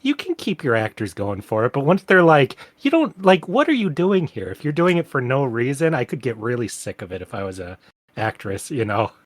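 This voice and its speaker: A man with a voice of ordinary pitch argues his point hard, emphatic and blunt, swearing as he goes. He is co-hosting a casual book talk on a close microphone. The sound is dry, with no room around it. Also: big pitch swings, brisk, no echo. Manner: emphatic, argumentative, swears freely. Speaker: podcast co-host. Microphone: studio mic.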